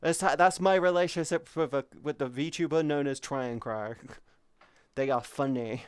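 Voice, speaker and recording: Casual guy streaming, talks to chat, kind and sweary, smooth tone. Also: fairly high pitch, moderate pace, dry recording. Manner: swears freely and reads chat aloud. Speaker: VTuber streamer.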